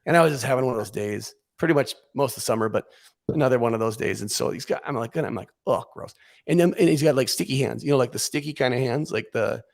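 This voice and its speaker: A man as a podcast guest, telling a comic story in a casual, animated way, acting out what he and others said. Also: medium pitch, quick pace, gravelly.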